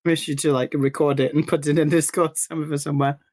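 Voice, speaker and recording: A co-host of a live-streamed chat, playful and quick to giggle. Mid-pitched, recorded close up with a dry, dead sound. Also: level tone, a little mellow, no echo. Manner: giggly, playful, laughs often. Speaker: podcast co-host.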